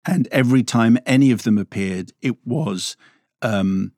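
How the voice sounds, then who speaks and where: A middle-aged man in casual chat, talking haltingly with many fillers and restarts. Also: medium pitch, a little mellow, no echo, studio quality. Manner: hesitant, halting with frequent fillers.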